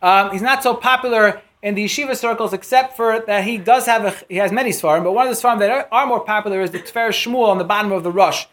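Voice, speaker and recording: Fast-talking man teaching a Torah class. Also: high voice, fairly bright tone. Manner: fast, restarts often, reads and translates Hebrew quotes. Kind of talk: text-based Torah lecture.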